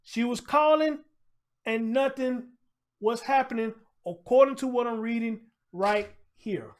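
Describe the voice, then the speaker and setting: A man's voice: extremely high pitch, a little slow, a little hiss or hum. A man hosting his own show, reading a crime story aloud and reacting in loose, emphatic, swearing casual talk.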